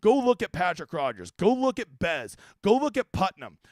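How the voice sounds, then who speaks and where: A man's voice: sits high, big pitch swings, moderate pace, darkish tone, dry recording. A man hosting a fantasy sports strategy livestream, talking in a casual, brash and profane way.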